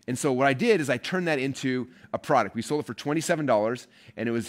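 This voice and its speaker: A man talks to his viewers at a quick clip, in a voice of middling pitch. He tells a personal story casually and jumps into little acted-out bits of his past self. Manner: fast, animated storyteller who acts out his own past lines. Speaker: online marketing speaker.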